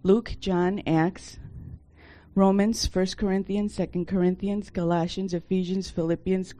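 A woman's voice: medium pitch, level tone, mellow. Woman reciting a memorized list in class. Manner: halting, unsure recitation. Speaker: class member.

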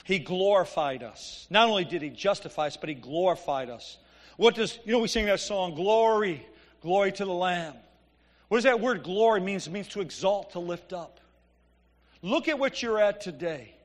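High-voiced preacher in a reverberant hall. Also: male voice, lively intonation, moderate pace. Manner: preaching with swings from loud emphatic peaks to quiet asides; reads scripture then explains it conversationally. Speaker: pastor. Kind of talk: sermon.

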